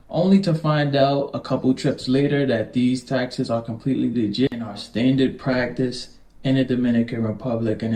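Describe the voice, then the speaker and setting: A man from New York City gives travel tips in an earnest, emphatic way. His voice is dark and mellow. The recording is roomy, with a noticeable echo. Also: medium pitch. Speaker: travel video host. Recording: echoey room.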